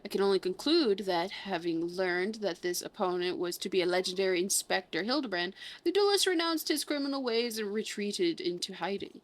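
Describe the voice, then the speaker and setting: A woman voicing a pompous, bumbling male gentleman inspector with a put-on southern drawl, reading game dialogue aloud in grand, old-fashioned phrasing. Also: mid-range voice, lively intonation, a little fast, hardly any pauses, natural voice.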